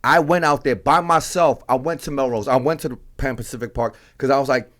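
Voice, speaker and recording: A man's voice: medium pitch, brisk. A man from New York, a podcast guest, telling a story animatedly and acting out the scenes in casual chat. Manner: animated storyteller who acts out scenes and voices.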